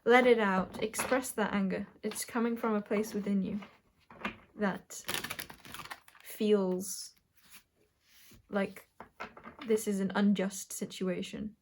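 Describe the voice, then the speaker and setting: A woman giving a collective tarot reading, musing and halting as she draws cards and talks through what she senses. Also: mid-range voice, flat delivery, a little mellow, a little hiss or hum. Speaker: tarot reader.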